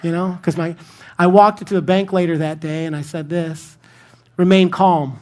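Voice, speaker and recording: A man's voice: on the high side, steady tone, brisk, a little mellow, some chatter behind. A man preaching a sermon in a conversational, self-deprecating storytelling manner. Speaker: pastor.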